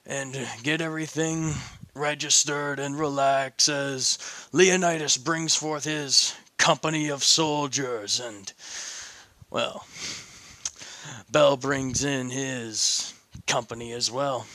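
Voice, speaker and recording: Slow, bright-voiced man narrating a story. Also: medium pitch, fairly even intonation, dry recording. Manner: meandering, self-correcting, chuckling asides. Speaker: fan-fiction storyteller. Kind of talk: casual improvised story narration.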